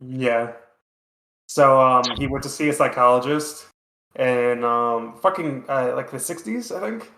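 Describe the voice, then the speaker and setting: A man's voice: mid-range voice, a little slow, a bit bright, roomy sound, a little hiss or hum, poor audio. A man co-hosting a podcast, talking casually in a rambling way, full of fillers and casual swearing. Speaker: podcast co-host. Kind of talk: casual chat.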